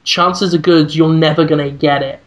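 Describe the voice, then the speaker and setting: Earnest, fairly high-voiced man chatting. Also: steady tone, normal speed. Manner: earnest, rambling, with frequent restarts. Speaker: podcast co-host. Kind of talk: casual podcast chat.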